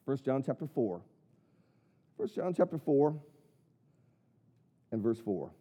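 A man's voice: on the high side, dark tone, dull audio. A man preaching a sermon, earnest, with many rhetorical questions and punched key words. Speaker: pastor.

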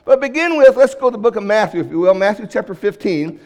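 High-voiced man preaching a sermon. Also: lively intonation, fast talker. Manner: emphatic, swings between loud and hushed. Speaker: pastor.

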